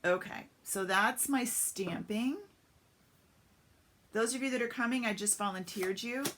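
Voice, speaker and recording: A woman's voice: on the high side, a little slow, a bit bright, slight background noise. A woman giving a chatty step-by-step craft demonstration on a live stream, greeting viewers as she works. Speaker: papercraft demonstrator.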